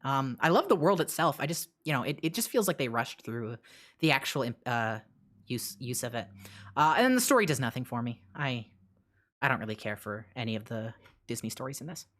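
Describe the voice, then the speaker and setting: A woman's voice: rumbling low, expressive, fairly quick, fairly bright tone. A woman streaming live and chatting casually while reading chat, rambling and blunt. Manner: rambling, many fillers and restarts, blunt.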